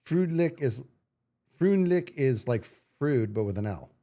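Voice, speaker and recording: Animated, playful male streamer. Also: mid-range voice, unhurried. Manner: playful, animated, self-mocking. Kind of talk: casual livestream chat.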